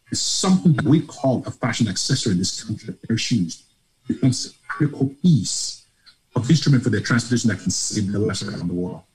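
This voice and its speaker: A middle-aged man from Nigeria, a podcast guest telling a personal story in a lively way, acting out dialogue and laughing. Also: mid-range voice, slight background noise, rough recording.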